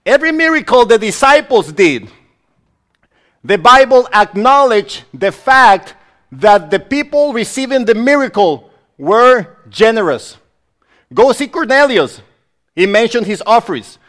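A male pastor delivers a sermon in a noticeably high voice. He is emphatic and exclamatory and keeps speaking straight to his listeners. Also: fairly bright tone.

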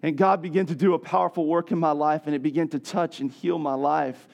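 A middle-aged man preaching a sermon, telling a personal story and building to loud, emphatic passages. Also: fairly high pitch, fairly even intonation, brisk, vocal fry. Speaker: pastor.

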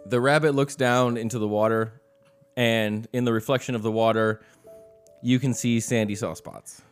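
A man running a tabletop game as game master, narrating scenes in a relaxed way with frequent chuckles. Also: medium pitch, moderate pace, smooth, faint music behind.

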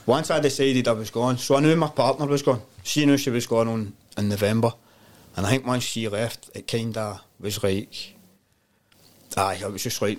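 A man's voice: medium pitch, a little fast. A Scottish man, a podcast guest, telling stories in casual chat and laughing often. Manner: animated storyteller, laughs often.

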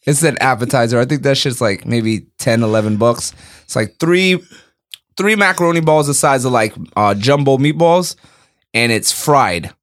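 A man co-hosting a podcast, chatting in an easygoing, animated way. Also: mid-range voice, moderate pace. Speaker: podcast co-host. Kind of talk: casual chat.

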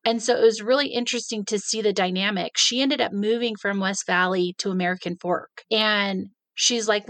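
Podcast co-host, female, mid pitch, dry close sound, animated storyteller. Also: normal speed, hardly any pauses, no echo. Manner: animated, acts out quoted dialogue. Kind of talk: casual conversational storytelling.

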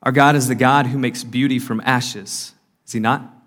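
A man gives an earnest talk at a church conference in a mid-range voice. He often pauses on fillers and restarts his phrases as he speaks. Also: mid-range voice, steady tone, fairly bright tone. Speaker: conference speaker and podcast host. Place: conference hall.

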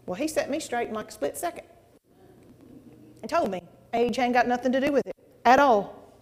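A woman preaching a testimony sermon to a congregation, folksy and animated, with exclamations and asides. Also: on the high side, normal speed. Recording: long hall reverb.

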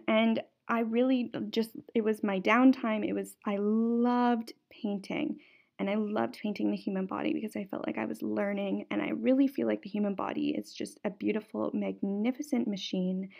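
A woman's voice: a little high, gravelly, mellow, highs cut off. A young adult woman from Canada hosting a podcast, telling her personal story in an earnest way and often repeating words for emphasis. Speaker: podcast host.

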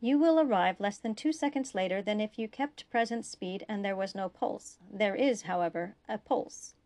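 A woman reading a calm, precise female starship officer giving exact instructions. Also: mid-range voice, normal speed, no echo, close to an everyday voice.

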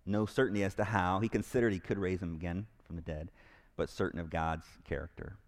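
A man's voice: sits low, steady tone, a little fast. A man preaching a sermon in a church to a live congregation, earnest and emphatic, repeating key phrases with frequent restarts. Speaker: pastor.

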